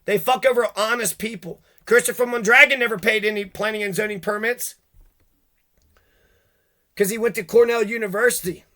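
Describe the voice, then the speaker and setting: A man's voice: sits high, fairly even intonation, normal speed, pushed and bright. A man delivering a heated, profane rant, cursing and jumping from one grievance to the next.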